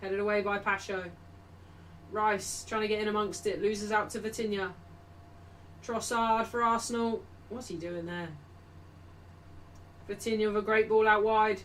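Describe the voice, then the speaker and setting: A woman's voice: mid-range voice, fairly even intonation, normal speed, long pauses. A woman casually commentating a football match live for her stream and greeting viewers in chat. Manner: chatty, shouts greetings to chat. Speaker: streamer hosting a football watchalong. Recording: distant mic with faint background noise.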